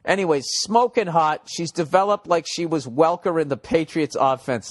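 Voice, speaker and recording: A man's voice: a little high, normal speed. A man hosting a comedy podcast, rambling profanely and mocking listener emails, his voice a little cracked. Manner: profane, sarcastic, reads listener emails aloud. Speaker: podcast host.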